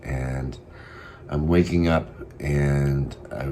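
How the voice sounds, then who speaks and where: A man talking casually to camera in a daily vlog, rambling and thinking aloud with frequent pauses and ums. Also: extremely low pitch, steady tone, a little mellow, slight background noise. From Massachusetts. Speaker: vlogger.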